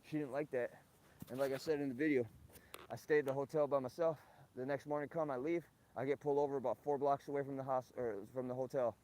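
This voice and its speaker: A man's voice: mid-range voice, fairly even intonation, quick pace, warm tone. Man, livestream host, ranting, profane, rambling, outdoors, faint background noise. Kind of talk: rambling live-stream monologue.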